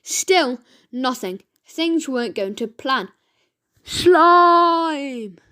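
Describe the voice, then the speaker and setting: Slow, high-voiced woman reading a children's story. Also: lively intonation. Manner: reads slowly with self-corrections. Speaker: reader.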